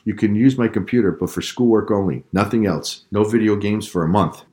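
A man's voice: on the low side, fairly quick, dark tone, close to an everyday voice. A man voicing a stern father who lectures his sons. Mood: lecturing. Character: stern father, strict and angry.

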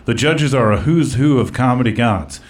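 A man's voice: medium pitch, animated, moderate pace. A man hosting a comedy podcast in casual chat, rambling with lots of fillers and narrating an absurd roast story. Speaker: podcast host.

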